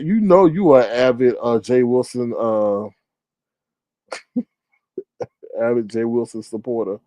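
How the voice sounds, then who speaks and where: A man in a casual livestream, giving animated, slangy commentary and often mimicking others in high voices. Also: slow pace, pauses often, no echo.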